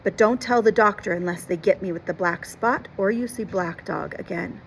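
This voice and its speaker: A woman's voice: medium pitch, moderate pace, creaky, slight background noise, natural voice, low-quality recording. A woman reading aloud, voicing an ailing old male sea captain who growls and presses urgent warnings. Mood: gruff urgent.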